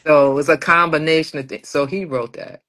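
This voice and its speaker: A woman's voice: low-pitched, fairly quick. A woman guest poet chatting in an interview, telling stories and acting out quoted dialogue. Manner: animated storyteller, acts out quoted dialogue. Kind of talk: casual interview chat.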